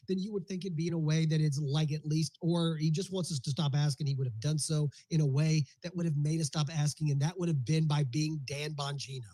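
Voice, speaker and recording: A man's voice: fairly high pitch, warm tone, rough recording. A man co-hosting a live online audio discussion, who talks casually and explains his points with acted-out examples. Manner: conversational, explains with examples and acts out his own lines. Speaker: co-host.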